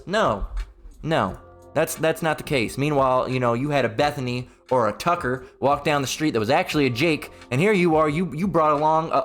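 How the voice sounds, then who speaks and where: Blunt, mocking man, higher-pitched. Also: animated, brisk, a bit bright, faint music behind. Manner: blunt, profane and mocking, with frequent "all right?" tags. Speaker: religious commentator. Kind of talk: casual religious rant.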